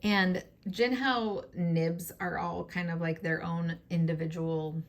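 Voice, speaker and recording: A woman with a scratchy, hoarse voice chatting in a relaxed, enthusiastic way, with plenty of fillers. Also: fairly low pitch, slow pace. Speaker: fountain pen vlogger. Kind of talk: casual show-and-tell.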